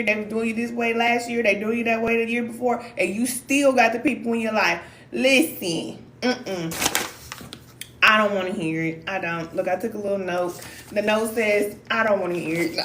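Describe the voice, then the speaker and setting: A woman's voice: fairly high pitch, echoey room, a little hiss or hum. A woman from Missouri giving a blunt, emphatic motivational talk as a spiritual life coach.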